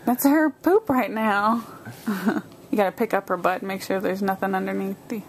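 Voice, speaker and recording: A woman's voice: medium pitch, moderate pace. A woman and mother chatting at home, laughing and patiently talking her partner through a diaper change. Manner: laughing, patient, gives step-by-step instructions. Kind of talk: casual home chat.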